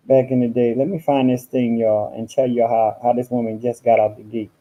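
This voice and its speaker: Male livestream host, sassy profane chatter, very mellow dark tone, home webcam sound. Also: mid-range voice, level tone, fast talker, a little hiss or hum, rough recording. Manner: sassy and profane, calls listeners honey and girl. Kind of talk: casual livestream rant.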